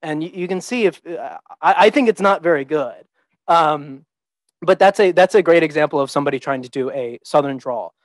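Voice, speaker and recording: Young male teaching fellow, slightly high voice, easygoing halting delivery, dry close sound. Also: dry recording, low-quality recording. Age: young adult. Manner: relaxed, thinks aloud with many ums and restarts. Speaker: visiting teaching fellow presenting. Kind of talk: informal lecture to students.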